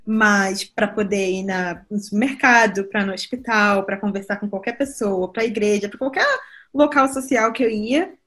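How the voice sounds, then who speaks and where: A young woman from Brazil with a Brazilian accent shifted toward British English, chatting casually as a podcast guest and laughing often. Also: fairly high pitch. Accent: Brazilian Portuguese, shifted toward British English.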